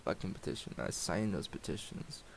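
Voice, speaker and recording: A man with a low, gravelly voice rants on a livestream, heated and profane. He sighs between thoughts and swears often. A faint hiss sits under the recording. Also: expressive, normal speed, poor audio. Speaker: streamer. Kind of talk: emotional livestream rant.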